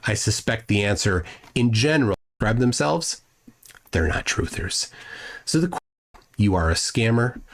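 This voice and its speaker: A man speaking bluntly and accusingly as a guest on a live stream. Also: fairly low pitch. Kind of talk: casual chat.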